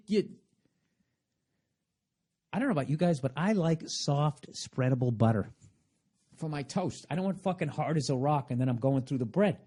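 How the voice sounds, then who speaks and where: Husky-voiced man ranting profanely. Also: on the high side, lively intonation, a little fast, pauses often, warm tone. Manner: profane, rambling, sarcastic. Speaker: podcast host. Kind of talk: casual comedic monologue.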